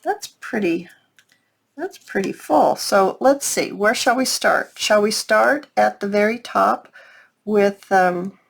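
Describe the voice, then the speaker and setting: Speaking slowly in a gravelly, mid-range voice, a crafting vlogger talks to her viewers while working on a project. Her tutorial chat is relaxed, and she thinks out loud as she goes.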